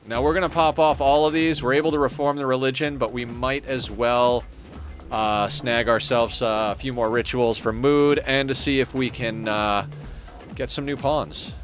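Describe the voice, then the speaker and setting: A man's voice: mid-range voice, steady tone, normal speed, faint music behind. A man casually commenting on his game as he plays, chatting with viewers and thinking aloud. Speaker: streamer.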